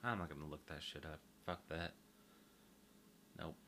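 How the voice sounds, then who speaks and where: A low, slow-talking man rambles alone into the mic, crude and self-mocking, cursing freely. His deep voice has a bright, forward edge. A faint hiss of background noise sits under him. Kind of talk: rambling casual monologue.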